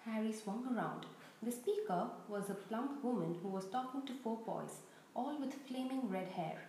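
A woman's voice: fairly high pitch, moderate pace. Woman reading a story aloud in an echoey room. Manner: expressive, steady storytelling. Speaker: reader. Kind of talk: storybook read-aloud narration. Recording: very echoey room, faint noise.

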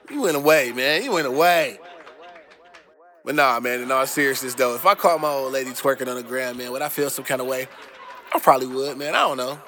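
A man's voice: medium pitch, brisk, bright, forceful tone, slight background noise. A young adult man hosting a casual commentary monologue, ranting loosely with heavy slang and profanity. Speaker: host.

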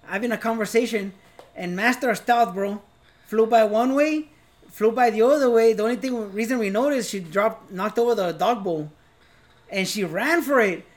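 Relaxed man co-host, thirties, easygoing bro talk. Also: high voice, normal speed. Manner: laid-back, calls people bro, laughs easily. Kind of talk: casual chat.

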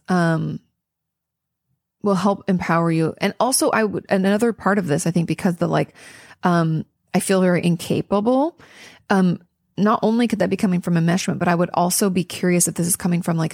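A woman's voice: lowish voice, creaky, darkish tone, dry recording, studio quality. A woman therapist answering listener questions in a casual, earnest, encouraging way, with frequent ums and restarts. She sounds tired. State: tired and yawning. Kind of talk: casual advice monologue.

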